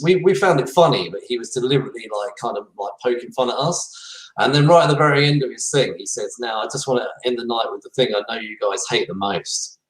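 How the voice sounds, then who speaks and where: A young English man from near London, telling stories in a rambling way with lots of fillers on a live chat show. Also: medium pitch. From England. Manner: rambling, many fillers and restarts, laughs often. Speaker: podcast guest. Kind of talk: casual chat on a live stream. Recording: echoey, distant from the mic.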